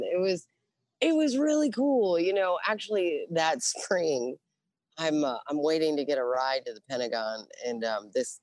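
A middle-aged woman, a Navy veteran, telling her story in a casual, profane, animated way and acting out the dialogue. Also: low voice, dry recording. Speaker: interview guest, Navy veteran.

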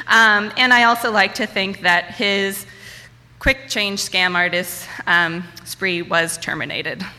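A woman's voice: mid-range voice, slow, noisy background. A woman telling a personal story at a live storytelling event, acting out the people she quotes. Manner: animated, acts out quotes. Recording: long hall reverb.

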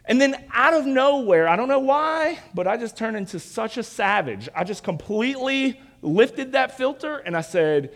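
A man's voice: extremely high pitch, moderate pace, hardly any pauses. A young man preaching a sermon, telling stories and acting out quoted lines with animation. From Virginia, United States. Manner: animated storytelling, acts out quotes. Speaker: pastor.

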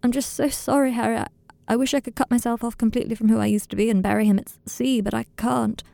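A woman's voice: mid-range voice, steady tone, brisk, gravelly, dark tone, dry recording, natural voice. A woman reading the part of a remorseful young man, tearful and apologetic on a late-night phone call.

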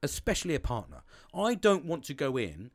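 Sweary blunt man, lively pitch. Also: a little fast, no room sound, clean studio sound. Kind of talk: frank casual monologue.

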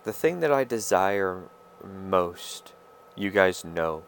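Alone at his podcast mic, a male host with a slightly low voice delivers a rambling personal monologue. He speaks haltingly and confessionally, with lots of fillers and restarts as he gropes for words. His delivery is expressive, and there's a little hiss or hum on the recording.

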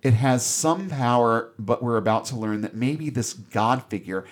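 A man's voice: mid-range voice, a little slow. A man hosting a podcast, recapping a film in casual, sarcastic and irreverent commentary.

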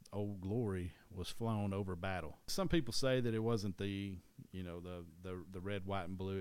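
Deep and darkish, with a clear, resonant tone, this man's voice carries an East Tennessee Southern accent. He co-hosts a casual, rambling history chat, often breaking off to restart or correct himself.

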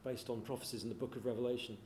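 A man's voice: mid-range voice, little pitch movement, rapid-fire, a little mellow. A man hosting a panel show, reading out facts and putting questions to the panel. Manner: reads facts, quizzes the panel. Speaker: host. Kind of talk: panel show trivia segment. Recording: echoey room with faint hiss.

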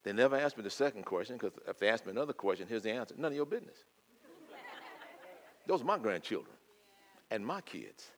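An older man preaching a sermon, swinging from loud, fervent declaiming to quiet, intimate asides. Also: fairly low pitch, big pitch swings, a little fast, long pauses, a faint crowd, slight background noise.

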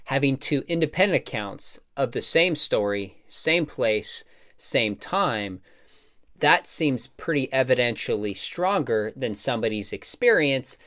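A man's voice: medium pitch, expressive, unhurried, fairly bright tone. A man hosting an interview, asking questions in a friendly, chatty way. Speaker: host. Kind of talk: conversational interview.

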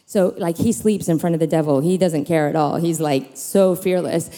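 A woman preacher in her thirties telling personal stories in an animated sermon, acting out voices and leaping in pitch. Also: moderate pace. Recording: long hall reverb.

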